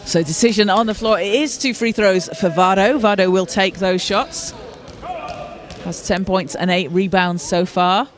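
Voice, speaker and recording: High-voiced male basketball commentator. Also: unhurried. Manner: steady, informative, with occasional restarts. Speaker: play-by-play commentator. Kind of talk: live sports commentary. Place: courtside at a basketball arena.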